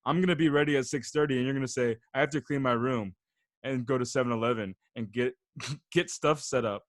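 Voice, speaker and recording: A young man on a casual podcast, laughing as he reads out texts in a flat, teasing voice. His pitch sits in an ordinary middle range, and the sound is dry and close, with no room around it. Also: brisk, no room sound. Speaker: podcast host. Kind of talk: casual chat.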